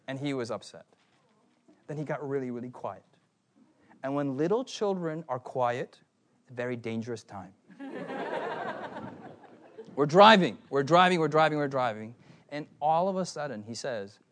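A man preaching a sermon, telling stories in an animated way and putting questions to the congregation. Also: fairly high pitch, moderate pace, long pauses. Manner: animated storytelling, asks the crowd questions.

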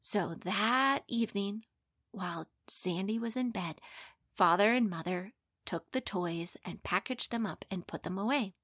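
Woman telling a kids story, expressive with whispery asides, medium voice, dry close sound. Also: medium pitch, dry recording. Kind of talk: told children's story.

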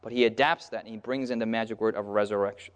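A man preaching a sermon, pausing to have his listeners call out the missing word and acting out the crowds in brief voices. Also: lowish voice, clean tone. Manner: pauses on a word and asks the listeners "what?" so they call out the answer; lively, acts out the crowds in brief character voices. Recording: long hall reverb.

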